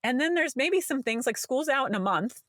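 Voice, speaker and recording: Pitched high and moving at a moderate pace, a podcast co-host tells a story in easy conversation, bringing it to life by performing what each person said. The recording is dry, with clean studio sound.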